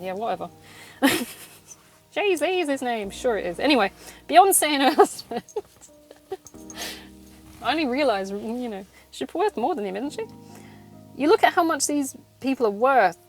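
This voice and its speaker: A woman's voice: on the high side, rough recording. A woman hosting a solo podcast from her car, ranting in casual chat, swearing and laughing between points. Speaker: podcast host.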